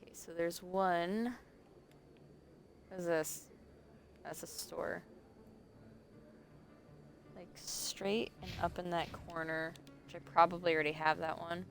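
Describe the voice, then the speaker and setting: A woman's voice: on the low side, fairly even intonation, slow, gravelly, long pauses, faint music behind. Chatty woman streaming a game. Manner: chatty, talks to herself and chat, laughs often. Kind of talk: casual live gameplay commentary.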